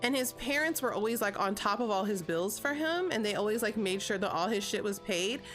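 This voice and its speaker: A woman's voice: medium pitch, lively intonation, fairly quick, a bit bright, soft background music. A woman in her thirties telling a story on a livestream, chatty and profane, with a constant "like" between phrases. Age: 30s. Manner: chatty, profane, heavy filler "like". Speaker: vlogger. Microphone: streaming setup.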